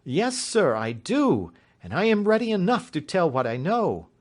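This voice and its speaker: A man's voice: sits high, very animated, unhurried, pitched above the performer's own voice, heavily acted. A man voicing a tall, gaunt woman servant speaking plainly and respectfully in an audiobook. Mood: forthright. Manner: respectful yet plain-spoken.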